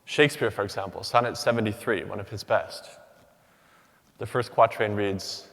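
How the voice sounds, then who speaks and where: A man giving a rehearsed academic talk from a stage, with rhythmic, measured delivery and deliberate pauses. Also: lowish voice, fairly even intonation, gravelly, a bit bright. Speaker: doctoral student speaker. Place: large hall. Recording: long hall reverb.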